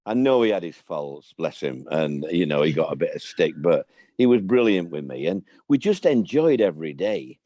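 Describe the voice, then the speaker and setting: A man's voice: sits low, sing-song, normal speed, dark tone, no echo, highs cut off. An older man, a former football manager, chatting as a guest and telling rambling anecdotes full of restarts. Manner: rambling storyteller, frequent restarts. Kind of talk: anecdotal interview chat.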